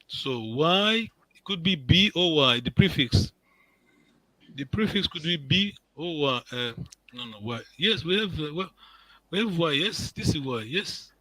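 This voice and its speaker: A man's voice: a little high, lively intonation, measured pace, pushed and bright, dry recording, poor audio. A man teaching an online language class, patient and encouraging, repeating words and checking in with his students.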